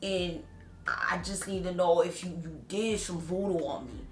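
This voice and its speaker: Woman putting on a low mumbling ex-boyfriend. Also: measured pace, close to an everyday voice. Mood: pleading. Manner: low mumbled pleading with slang. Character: young adult man, sheepish ex-boyfriend, mumbling. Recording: roomy echo.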